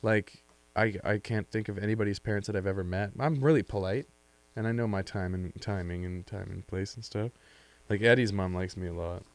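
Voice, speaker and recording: A man's voice: fairly quick, no echo. A young man co-hosting a podcast in casual chat, playful and teasing as he tells stories. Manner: playful, teasing, swings in pitch. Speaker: podcast co-host.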